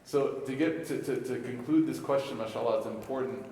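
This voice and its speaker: A man's voice: medium pitch, fast, mellow. A young man and imam giving an emotional talk to youth in a mosque, telling stories with jokes and frequent rhetorical questions. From Egypt (family), raised in Chicago. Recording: echoey hall from far off.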